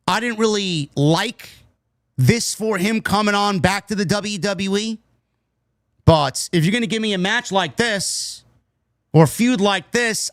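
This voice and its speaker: A man's voice: high voice, no echo, studio quality. A man reviewing a wrestling show in a casual, rambling way, swearing freely and drifting into tangents. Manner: profane, nostalgic, tangent-prone.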